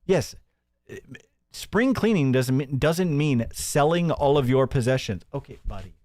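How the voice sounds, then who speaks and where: A man hosting a live-stream commentary show, sarcastic and mocking, often laughing and jumping into a high mimicking voice. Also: lively intonation, a little slow, darkish tone, no room sound, studio quality.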